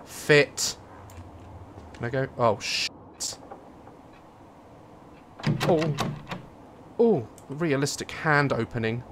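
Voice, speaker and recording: A man's voice: medium pitch, drawn-out words, pauses often, background noise. A young man commentating a horror game, joking nervously and breaking into sudden screams. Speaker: gaming YouTuber.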